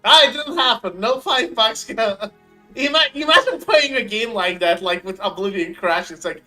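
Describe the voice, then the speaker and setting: Lively bright-voiced man streaming a game. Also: sits high, normal speed, faint music behind, rough recording. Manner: goofy, laughing, rambling jokes. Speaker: streamer host. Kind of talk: live gameplay chat.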